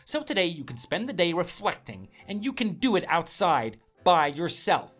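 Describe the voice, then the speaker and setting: A woman's voice: lowish voice, sing-song, moderate pace, soft background music. A woman voicing an arrogant, contemptuous young husband who sneers and scolds his wife. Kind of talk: story drama voice acting.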